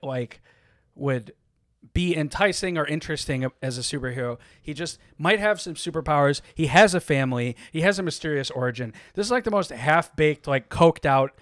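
A man's voice: a little high, normal speed, dry recording, studio quality. A man on a comedy podcast summarizing a comic in a rambling, sarcastic, profane way. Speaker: podcast co-host. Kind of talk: casual comedic chat.

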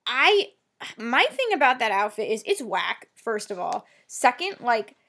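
Woman podcast cohost rambling about an episode, slightly high voice, lively, swears a lot. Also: unhurried. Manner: chatty, animated, swears casually, many fillers. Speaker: podcast co-host. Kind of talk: casual chat recapping a TV episode.

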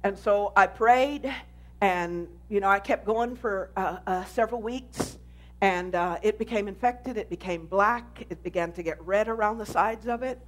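A woman pastor giving an animated sermon testimony, telling her story with emphasis. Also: medium pitch, moderate pace.

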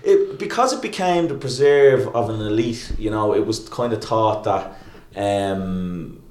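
Man, low voice, rambling casual chat, restarts and fillers, roomy echo. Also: expressive, measured pace, a little mellow. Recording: echoey room.

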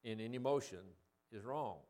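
A man's voice: mid-range voice, normal speed, darkish tone. A man giving a sermon, reading scripture and explaining it in a conversational way, asking the listeners questions and raising his voice for quoted lines. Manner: conversational, asks the audience questions; reads scripture quotes in a raised voice. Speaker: preacher.

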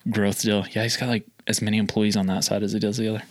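A man telling a story in casual chat, acting out the calls with sudden jumps in pitch. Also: level tone, quick pace, a little hiss or hum. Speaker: guest telling a sales story.

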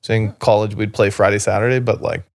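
A man from Canada with a lowish, gravelly voice rambles through a long story on a podcast. His talk is loose and full of fillers and restarts. The recording is close and dry, with no room sound. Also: steady tone, quick pace, no echo. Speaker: podcast guest, former basketball player. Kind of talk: casual storytelling conversation.

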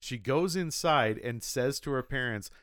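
A man's voice: medium pitch, a little slow, a bit bright, no echo, clean studio sound. A man co-hosting a casual movie podcast, wandering into long, joking tangents. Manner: rambling, tangent-prone storyteller. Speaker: podcast co-host. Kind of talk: casual chat.

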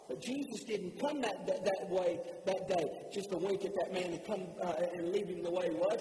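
High-voiced preacher in an echoing church. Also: male voice, moderate pace, hardly any pauses, a little hiss or hum. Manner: impassioned preaching, rising to shouts, dropping to soft emphasis. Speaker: pastor. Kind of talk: sermon. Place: church sanctuary. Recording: roomy church hall reverb.

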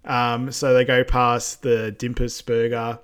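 Relaxed man chatting about a film. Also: medium pitch, slow, clear, resonant tone. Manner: relaxed, adds short plot points and agreement. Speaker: podcast co-host. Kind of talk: casual film recap chat.

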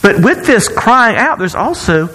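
A male pastor delivers a sermon with a lively, swooping delivery and a dry sarcastic streak. His fairly high voice leaps even higher when he acts out desperate cries. The sound rings with the long reverb of a large hall. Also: measured pace. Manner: animated, jumps high to act out quoted cries; sarcastic, joking asides.

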